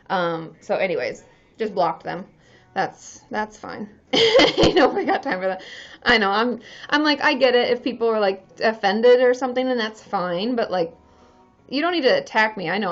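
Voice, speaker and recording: A woman therapist chatting casually on a livestream, candid and chatty, swearing freely and laughing often. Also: mid-range voice. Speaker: licensed therapist hosting a livestream. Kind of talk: casual live-stream chat. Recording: dull lo-fi live-stream audio.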